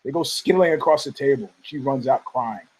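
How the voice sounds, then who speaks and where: A man's voice: mid-range voice, moderate pace, a little mellow, breathy edge, low-quality recording. A male podcast host giving rambling, combative commentary, profane and heated, often stumbling over restarts.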